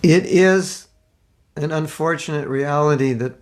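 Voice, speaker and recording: A man's voice: a little high, unhurried. An American man giving an informal spiritual talk, conversational and rambling, with restarts and side remarks. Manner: conversational, repeats and restarts, asides. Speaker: spiritual teacher.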